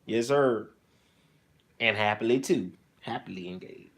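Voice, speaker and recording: A man's voice: lowish voice, a little slow, fairly bright tone. A man hosting a casual livestream, teasing and joking with his chat viewers and talking into an iPhone on a selfie stick. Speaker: streamer hosting his own channel.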